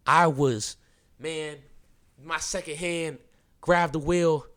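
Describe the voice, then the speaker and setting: A man's voice: on the high side, extremely slow, pauses often. Young man telling a story, bro-heavy. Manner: animated, keeps saying "bro" and "like"; acts out quoted lines, drops to a hushed voice at times. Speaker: podcast host. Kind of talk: casual storytelling.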